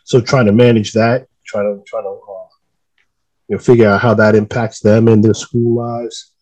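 A man speaking as a father in a casual podcast chat, halting and repeating words as he talks. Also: lowish voice, little pitch movement, darkish tone, low-quality recording.

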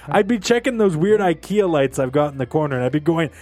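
A man's voice: a little high, brisk, few pauses, soft background music. A man co-hosting a podcast in casual chat, joking and laughing often. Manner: animated, laughs often, jokey asides. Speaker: podcast co-host.

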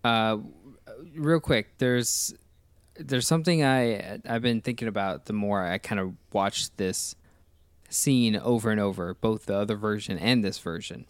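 A man talks through a film scene in casual commentary, eager and rambling, often restarting his sentences. His voice sits a little low and sounds smooth and clear. The sound is dry and close to the mic. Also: measured pace, no room sound. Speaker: podcast host.

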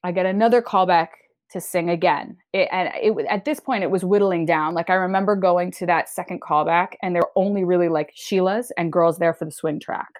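Animated woman actor telling a story. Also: fairly quick, few pauses. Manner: animated, laughing, quotes herself in a high voice. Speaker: guest, stage actor. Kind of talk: casual interview storytelling.

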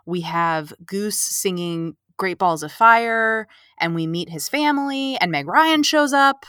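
A woman co-hosting a casual movie podcast, recapping the plot in an animated, sarcastic way and acting out the characters' lines. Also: mid-range voice, slow, clear, resonant tone, dry recording, studio quality. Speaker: podcast co-host.

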